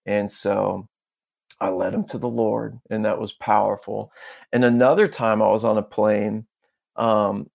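A man as a podcast guest, telling a story in a casual, animated way and acting out the dialogue. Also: fairly low pitch, unhurried, creaky. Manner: animated, acts out dialogue, peppers talk with "bro" and "dude".

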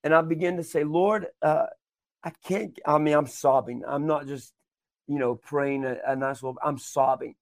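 A man's voice: medium pitch, fairly even intonation, normal speed. A pastor preaching with passion as a guest, dramatically acting out his own prayers and often stammering and repeating words in emotional bursts. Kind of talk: impassioned prophetic preaching.

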